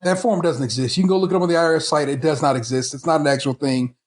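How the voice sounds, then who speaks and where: A man's voice: a little high, racing. A man hosting a casual podcast chat, ranting with heated, profane frustration and stumbling restarts. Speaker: podcast host.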